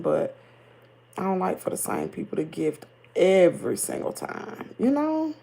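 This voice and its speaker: A middle-aged woman with a Southern American accent chats casually on her livestream, greeting viewers and answering their comments. Her voice is gravelly and a little husky. She talks in a loose, animated way and laughs easily. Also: on the low side. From Southern United States. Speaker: livestream host. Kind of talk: casual live chat reading comments.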